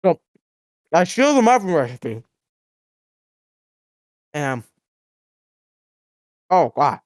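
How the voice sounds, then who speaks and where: A man's voice: a little high, lively intonation, a little slow, pauses often. A young man telling a rambling absurd comic story, mock-outraged, his voice cracking now and then. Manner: rambling, mock-outraged, swings between mumbling and yelling. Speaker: food review vlogger.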